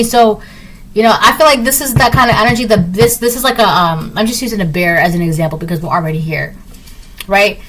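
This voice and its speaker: A woman's voice: on the high side, brisk, fairly bright tone, rough recording. Chatty woman giving a tarot reading. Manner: repetitive, often checks in with "right?"; acts out little voices in her examples. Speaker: tarot reader. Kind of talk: casual spoken tarot reading.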